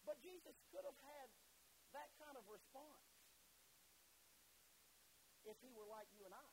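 A man's voice: extremely high pitch, unhurried, background noise. A man preaching a sermon, impassioned and emphatic, repeating himself and breaking in with asides and fillers. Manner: impassioned, rising to loud emphatic peaks; repetitive, with frequent filler and "listen" asides.

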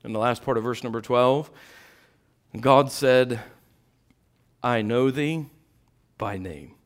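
A middle-aged man preaching a sermon, swinging between quiet, intimate asides and loud, impassioned peaks. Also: mid-range voice, slow pace.

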